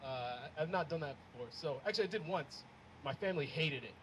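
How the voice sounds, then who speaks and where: Lively high-voiced young comedian outdoors. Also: male voice, fast. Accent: American. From Ethiopia. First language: Amharic. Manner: animated, self-mocking, loose and profane. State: cold. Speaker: stand-up comedian. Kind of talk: stand-up set. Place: outdoor campus stage in cold weather. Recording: noisy outdoor live recording. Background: laughing crowd.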